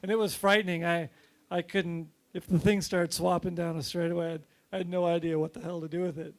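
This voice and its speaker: Man, panel guest, fairly high voice, dry humor. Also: level tone, fairly quick, vocal fry. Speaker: racing driver panel guest. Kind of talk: panel answer.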